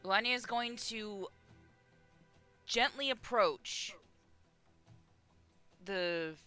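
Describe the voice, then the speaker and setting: A woman with a bright, sharp voice plays her character in a tabletop game. She talks casually and breaks into loud curses. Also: mid-range voice, lively intonation, moderate pace, soft background music. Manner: casual, bursts into loud swearing. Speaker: player.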